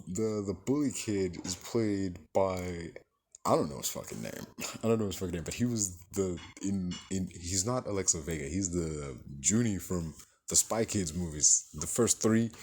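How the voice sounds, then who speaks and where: Speaking in a low, a little mellow voice, this man rambles through a film review, cursing liberally and leaning heavily on fillers like "like" and "you know." A faint hiss or hum runs under the audio.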